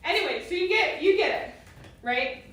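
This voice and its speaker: A woman's voice: extremely high pitch, expressive, moderate pace, a bit bright. A woman teaching a live-streamed roller skating lesson, chatty and giggly, breaking off to coax her dog. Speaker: roller skate instructor. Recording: very echoey, far from the mic, faint noise.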